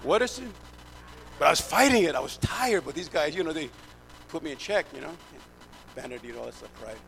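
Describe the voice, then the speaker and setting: A man's voice: a little high, lively intonation, brisk, fairly bright tone. A middle-aged man preaching, telling his testimony as an emphatic storyteller who acts out the dialogue. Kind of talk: sermon testimony. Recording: clear background hum.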